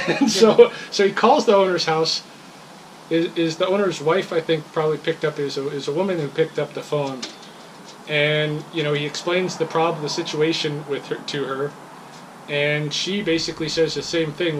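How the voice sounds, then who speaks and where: A woman's voice: low voice, fairly even intonation, normal speed, a little hiss or hum, rough recording. A woman telling a rambling, increasingly heated story about a complaint as a customer. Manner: rambling, grows heated and laughing when frustrated. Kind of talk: casual storytelling.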